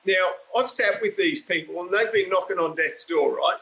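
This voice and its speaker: A man's voice: high voice, moderate pace, creaky, bright, forceful tone, low-quality recording. A man from Australia with an Australian accent, telling stories bluntly and swearing a lot as an interview guest. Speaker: guest, private investigator. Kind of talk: casual interview storytelling.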